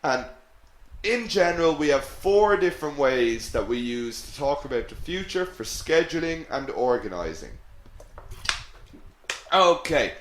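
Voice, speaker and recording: A male English teacher leads a live online lesson and answers viewers' questions as they come in. He talks slowly and patiently, repeating phrases so they sink in. His voice carries some echo from the room. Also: fairly high pitch, very animated. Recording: echoey room.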